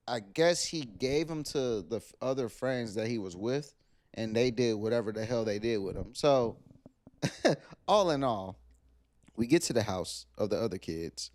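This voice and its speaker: A man co-hosting a podcast, telling a long story in casual chat and acting out the quoted voices. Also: no room sound. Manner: animated storyteller who acts out quoted voices in a higher pitch. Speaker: podcast co-host.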